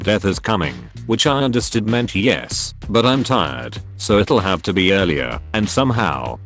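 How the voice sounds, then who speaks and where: A man narrating funny online posts in a read-aloud comedic style. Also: lowish voice.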